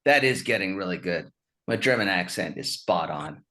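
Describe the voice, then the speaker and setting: A man's voice: low voice, lively intonation, normal speed, pushed and bright. A man in his fifties from Utah, a stand-up comedian chatting as a guest on a video call, wry and self-mocking, laughing often. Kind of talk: casual chat over a video call.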